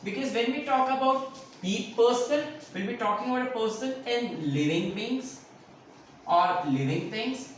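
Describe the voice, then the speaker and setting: A woman teaching an online grammar lesson, repeating key words and often checking whether students are clear. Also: fairly high pitch, animated, a little slow. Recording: echoey room, distant mic, faint noise.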